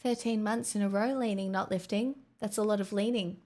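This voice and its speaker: A woman's voice: mid-range voice, steady tone, a little fast, a little mellow. A woman livestreamer chatting casually on a headset mic, bubbly and rambling with self-mocking jokes.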